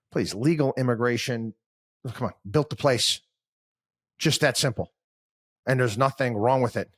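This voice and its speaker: A man hosting a podcast rambles through his thoughts in a relaxed, conversational monologue. His voice is mid-range with a fairly bright tone.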